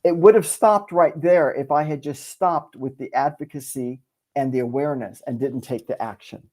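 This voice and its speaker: A man's voice: medium pitch, normal speed. A man, a speaker and author, telling a story in a conversational interview, acting out the voices of people in it. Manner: animated storyteller, acts out quoted dialogue. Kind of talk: conversational storytelling on a video call.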